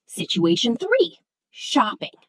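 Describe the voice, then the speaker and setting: A woman giving a scripted English lesson for beginners, speaking slowly and clearly with model sentences. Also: fairly high pitch, huge pitch swings. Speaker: English teacher.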